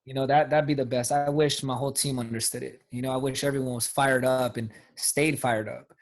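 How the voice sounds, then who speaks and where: A man's voice: medium pitch, steady tone, fairly quick. A man coaching his sales team on a call, talking emphatically in casual slang. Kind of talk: motivational talk on a team call.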